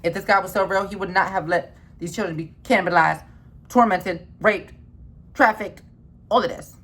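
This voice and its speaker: Woman going off in a heated rant, kinda low voice, cussing, gets loud then drops to a mutter. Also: normal speed, husky. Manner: heated, swearing, repeats herself, swings from loud outbursts to low mutters. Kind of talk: impassioned spoken rant.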